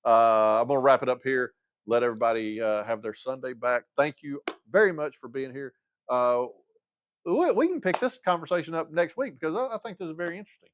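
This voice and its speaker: Over a little hiss or hum, a man in his fifties speaks briskly in a mid-range voice as he hosts a casual livestream chat. He rambles, drifts from his point and fills the silences with uhs and restarts.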